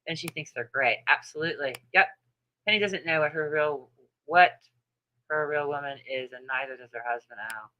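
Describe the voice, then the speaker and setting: A woman's voice: low-pitched, moderate pace, pushed and bright, highs cut off. A woman in her thirties hosting a casual livestream, gossiping bluntly about others, laughing often and swearing. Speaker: livestream host. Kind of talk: casual livestream chat reading comments.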